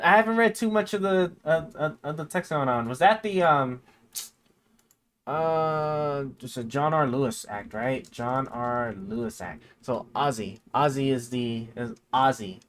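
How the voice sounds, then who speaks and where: A man streaming casually, rambling and stammering with many fillers as he reads and thinks aloud, dropping quieter while he reads and perking up again. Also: mid-range voice. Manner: drifts quieter when reading to himself, then perks up.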